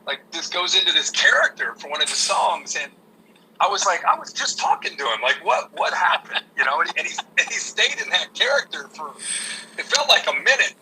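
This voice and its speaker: A man, a sports broadcaster, telling an animated anecdote in an interview. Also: a little high, low-quality recording. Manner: animated storyteller with many restarts. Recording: radio call with faint noise.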